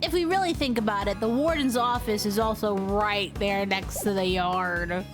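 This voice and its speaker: A woman's voice: medium pitch, normal speed. A young woman streaming a game, reading its lines aloud and reacting with lots of laughter. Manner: laughing, animated reactions to the story. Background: game music.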